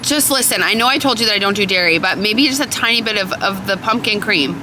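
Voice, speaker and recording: A woman's voice: medium pitch, animated, quick pace, a crowd in the background. A young woman chatting in a vlog, bubbly and gushing, filling her talk with "like" and "oh my God". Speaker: vlogger. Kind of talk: casual vlog chat. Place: in a car at a drive-through.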